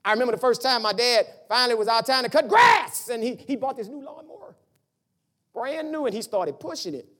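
A pastor whose voice is very high speaks a little fast as he preaches. His animated sermon draws on family stories, and he plays out his parents' parts by voicing them.

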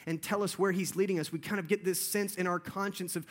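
Speaking fast, a young preacher with a bright, high voice shares a personal story in his sermon to the congregation. His telling is lively, and when he builds suspense his voice sinks to a low hush.

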